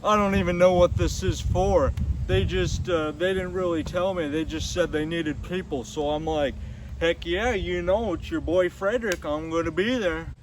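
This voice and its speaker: A man voicing a dim-witted, overconfident young male game show contestant who brags and explains things in a slow, rambling way. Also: high voice, steady tone, natural voice. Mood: upbeat. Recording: distant mic with background noise.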